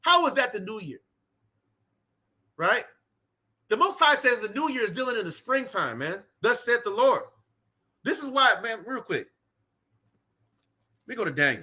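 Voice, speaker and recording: A man's voice: high-pitched, sing-song, moderate pace, pauses often, bright, forceful tone, breathy edge. A man preaching outdoors with fervor, reading scripture aloud and repeating "man" and "right" between lines. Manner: fervent, repetitive, peppered with "man" and "right". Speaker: street preacher. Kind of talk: impassioned sermon with scripture reading. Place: outdoors in cold weather.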